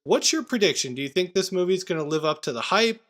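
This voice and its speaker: A man with a fairly high voice hosting a casual movie podcast. He talks in a loose, chatty way, full of asides and self-corrections. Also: animated, a bit bright. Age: adult parent. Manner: chatty, quick asides and restarts. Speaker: podcast host.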